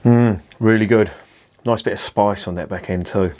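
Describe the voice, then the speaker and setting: A man's voice: on the low side, steady tone, moderate pace, a little mellow. A man casually reviewing a beer at home, chatty and self-mocking, swearing freely. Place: indoors at home with curtains drawn.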